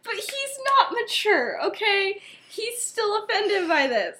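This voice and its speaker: A woman's voice: very high voice, sing-song, takes it slowly, bright, forceful tone. A young woman co-hosting a podcast, casually retelling a story and acting out its characters' lines with lots of laughter. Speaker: podcast co-host.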